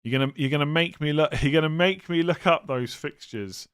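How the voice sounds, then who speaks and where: A young man hosting a casual live stream, reading viewer questions aloud and thinking out loud with self-mocking humor. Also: on the high side, fairly quick, smooth.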